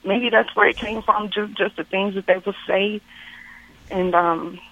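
A woman's voice: medium pitch, fairly even intonation, a bit bright, no room sound. Tearful female caller on a muffled line. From Texas. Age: adult. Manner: hesitant, halting, many fillers. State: close to tears. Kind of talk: call-in radio conversation. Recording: muffled phone-line call.

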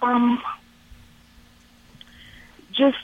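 A woman calling a radio counseling show, speaking haltingly with many fillers and close to tears. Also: on the high side, little pitch movement, dry recording. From Texas. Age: adult. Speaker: caller. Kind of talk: call-in radio conversation. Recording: muffled phone-line call.

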